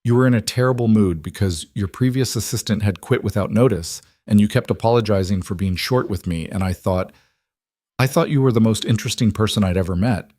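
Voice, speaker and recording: Brief: man reading as a tender, anxious young secretary; soft, low, dry studio read. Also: fairly quick, no room sound, natural voice. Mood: earnest. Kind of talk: audiobook romance narration.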